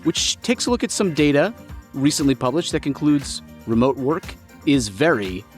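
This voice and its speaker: A man's voice: fairly high pitch, animated, moderate pace, soft background music. An American man, a guest co-host and organisational psychologist, chatting and joking casually with fillers on a podcast. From United States. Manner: chatty, joking, many fillers like "you know".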